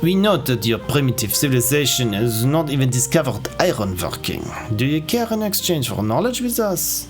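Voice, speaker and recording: Pompous male French envoy with a put-on French accent and a mid-range pitch, haughty and condescending, as a streamer reads him aloud. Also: very animated, normal speed, few pauses, music in the background, close to an everyday voice.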